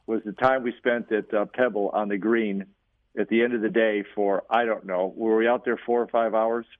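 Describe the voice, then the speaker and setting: A man's voice: on the low side, steady tone, moderate pace, no room sound. Teasing man on a tinny phone line. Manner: teasing, easygoing. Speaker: golf coach and co-host. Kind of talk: casual radio chat.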